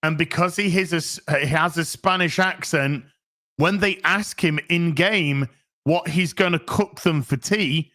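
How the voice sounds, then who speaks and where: Slow, sarcastic British man. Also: on the high side. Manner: sarcastic, scornful, deadpan. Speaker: host. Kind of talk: ranting video commentary.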